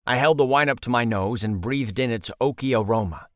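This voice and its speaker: A man's voice: medium pitch, a little fast, hardly any pauses, dry recording, studio quality. A man narrating a first-person audiobook in a wry, conversational storytelling manner.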